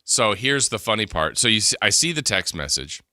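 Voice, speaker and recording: Male radio co-host, deep but very bright tone, animated swings in pitch, dry close studio mic. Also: brisk, dry recording. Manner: animated storyteller, gasps and laughs while telling. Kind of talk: casual chat.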